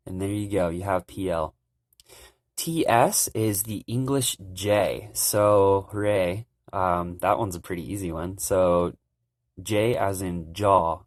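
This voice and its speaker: A young man giving a relaxed, casual language lesson, calmly explaining pronunciation. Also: deep voice, no room sound, studio quality. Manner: relaxed, repeats sounds slowly and loudly to demonstrate. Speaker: language teacher.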